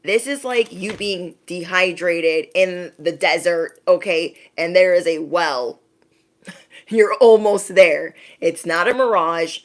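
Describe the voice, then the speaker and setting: A woman's voice: lowish voice, unhurried, hardly any pauses. A woman giving a casual spiritual pep talk, speaking emphatically, repeating her points, and often asking "okay?". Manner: emphatic, repeats phrases, direct address with frequent "okay?". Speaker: spiritual reader.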